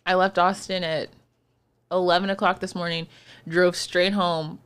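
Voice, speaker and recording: A woman's voice: lowish voice, little pitch movement, unhurried, a bit bright, smooth. A woman in her late twenties co-hosting a podcast in casual chat, blunt and sarcastic with a worn-out edge. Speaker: podcast co-host.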